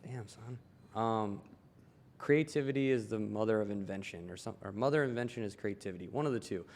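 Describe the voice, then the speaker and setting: A man's voice: lowish voice, fairly quick. A young man from Maryland chatting casually as a podcast guest, swearing and laughing as he tells stories. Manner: swearing, laughing, animated storyteller. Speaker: guest, tailor.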